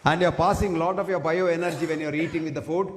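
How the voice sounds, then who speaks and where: A man's voice: a little high, steady tone, fast talker, some chatter behind, a little hiss or hum. Emphatic man in echoey hall. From India. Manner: emphatic, preachy, asks the audience questions. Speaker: speaker addressing an audience. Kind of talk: public health talk. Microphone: single fixed microphone, standing. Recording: echoey hall with long reverb.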